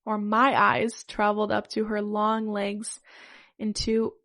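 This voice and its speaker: A woman's voice: medium pitch, monotone, takes it slowly, fairly bright tone. A woman podcast host reading a comic story aloud. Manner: breaks up laughing.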